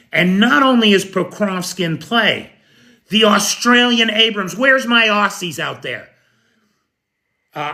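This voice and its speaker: A man's voice: fairly high pitch, sharp tone. An American man giving live news commentary, emphatic and opinionated, calling out viewers by name. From United States.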